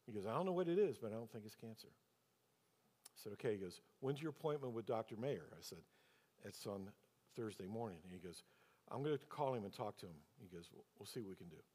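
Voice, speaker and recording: A lowish, somewhat mellow and slightly rough male voice speaks briskly and expressively in this sermon. The pastor shares a personal story before challenging the congregation with rhetorical questions, recorded in a space with long hall reverb.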